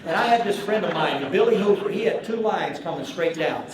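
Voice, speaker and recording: Speaking in a high, expressive voice at a fairly quick pace, a Southern US former pitcher in his sixties entertains a banquet with a funny story, performing the dialogue himself. Crowd noise fills the large hall, and the recording is very echoey.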